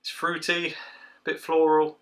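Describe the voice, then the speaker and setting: Man, bright forward tone, relaxed chatty beer review, indoors at home. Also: on the high side, moderate pace. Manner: chatty and relaxed, with frequent filler sounds.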